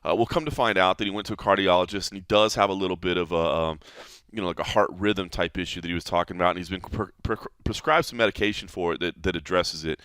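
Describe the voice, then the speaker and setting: A man co-hosting a podcast, talking in a relaxed, conversational way with plenty of fillers. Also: low voice, fast talker, clean tone, no echo, studio quality. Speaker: podcast co-host. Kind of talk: casual chat.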